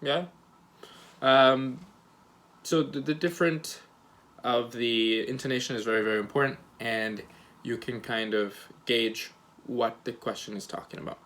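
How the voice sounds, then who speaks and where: A man teaching a recorded grammar lesson, speaking in a relaxed, hesitant way with many fillers and restarts, and acting out example questions with rising and falling intonation. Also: mid-range voice, unhurried. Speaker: English teacher.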